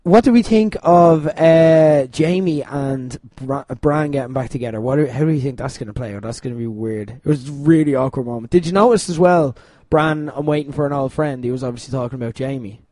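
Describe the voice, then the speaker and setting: A man, co-hosting a casual chat, animated, laughing often and mimicking characters. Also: mid-range voice, brisk, few pauses, no room sound. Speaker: podcast co-host.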